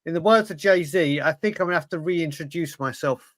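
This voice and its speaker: High, lively English guy telling stories. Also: a little fast, no echo. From England. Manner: animated storyteller, cheeky teasing. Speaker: podcast co-host. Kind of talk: comedic banter.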